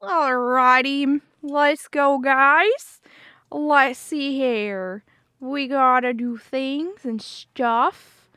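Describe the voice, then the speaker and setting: A hammy, deliberately cringe mashed-up British accent, put on by a woman streamer. The voice sits high and bright and drags each phrase out slowly. It is played for laughs. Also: steady tone, vocal fry, no room sound, clean studio sound, heavily acted. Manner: playful, drawn-out, deliberately cringe. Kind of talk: livestream bit for chat.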